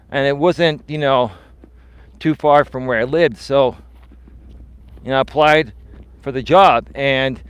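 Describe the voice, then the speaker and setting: A middle-aged man telling a personal story on a casual live stream while walking outdoors, animated and swearing casually. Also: medium pitch, dry recording. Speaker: life coach and host.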